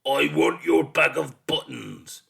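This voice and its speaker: A man voicing a loud, threatening forest monster in a storybook. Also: on the high side, takes it slowly, gravelly, voice pushed up, exaggerated voice. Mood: menacing. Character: bellowing many-voiced forest monster.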